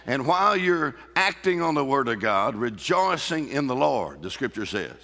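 A man preaching a sermon with exuberant energy, breaking into shouts and bursts of laughter. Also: medium pitch, very animated, normal speed, creaky, in a large hall. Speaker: pastor.

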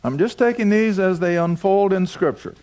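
A man's voice: high-pitched, lively intonation, normal speed, a little mellow. A man teaching a Bible passage verse by verse, emphatic, asking his listeners questions and answering them himself.

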